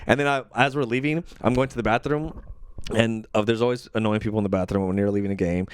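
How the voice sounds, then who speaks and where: A man's voice: fairly low pitch, steady tone, quick pace, clean tone, dry recording, studio quality. A young man co-hosting a podcast who tells stories in casual chat, with loose phrasing, plenty of filler words and frequent swearing. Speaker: podcast co-host.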